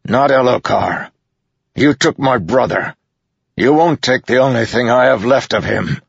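A battered old warlord who bellows his defiance, as a man puts him on. The voice is rough and gravelly under the shouting. It is recorded dry and a bit dull. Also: medium pitch, a little slow, no room sound, voice pushed up. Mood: defiant.

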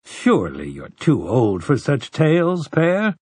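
A skeptical townsman teases in a gently mocking tone, as a man puts him on. The voice sits higher than the narration, slow and a little breathy. The recording is dry and close. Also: huge pitch swings, no room sound, heavily acted.

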